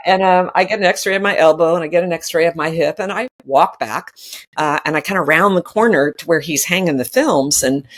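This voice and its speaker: A woman in her sixties, a podcast guest, telling a personal story in casual conversation, acting out what people said and laughing often. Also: sits low. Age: 60s. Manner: animated, laughing often, acting out quoted dialogue.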